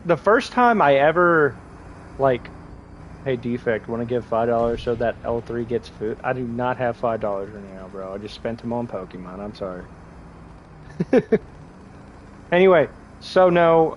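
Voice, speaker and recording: A man's voice: mid-range voice, slight background noise, rough recording. A young man in casual chat while streaming a game, rambling, crude and laughing often. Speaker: gaming streamer.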